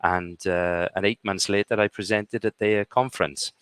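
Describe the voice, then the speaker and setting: A man's voice: on the low side, fairly even intonation, moderate pace, a bit bright, clean tone, no echo. A middle-aged man from the UK, a guest speaker in a live conversation, telling stories and checking in with "okay?". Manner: punctuates points with "okay?". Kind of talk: conversational storytelling.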